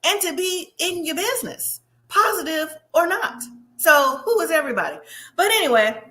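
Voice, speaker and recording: In a loose, chatty recap of a reality show episode, a woman aims her opinions right at the listener. Her voice sits a little high and sounds bright and sharp, and she occasionally drops into quick impressions of the people she's covering.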